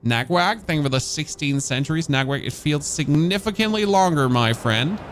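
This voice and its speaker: A man's voice: a little high, animated, moderate pace, a little hiss or hum. A man from Germany with a German accent, commentating casually on a game he is streaming, thinking aloud and talking to his chat.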